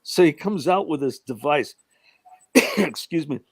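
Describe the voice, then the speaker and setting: A man spins tales in a lively, swooping voice, laughing often and tripping over his words as he acts out the people in his stories. His voice sounds dry and close, with no room around it. The talk stays loose and chatty. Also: on the high side, a little slow, slightly rough, no echo. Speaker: guest telling of sightings. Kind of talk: casual storytelling chat.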